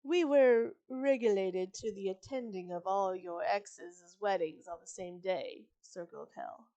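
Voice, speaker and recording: A woman's voice: mid-range voice, measured pace, dark tone, lightly acted. A woman voicing a bitter resurrected witch. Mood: sardonic.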